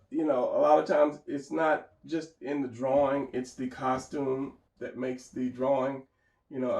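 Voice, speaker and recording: A man's voice: mid-range voice, gravelly, darkish tone, echoey room, distant mic, rough recording. A man thinking aloud as he talks through his drawing, casual and rambling. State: tired, hiccuping and yawning. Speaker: artist narrating a drawing session.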